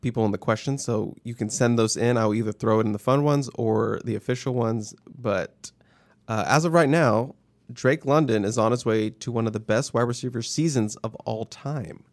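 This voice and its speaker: A man's voice: mid-range voice, moderate pace. A man hosting a casual sports podcast, joking as he runs a take-it-or-leave-it segment. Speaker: podcast host.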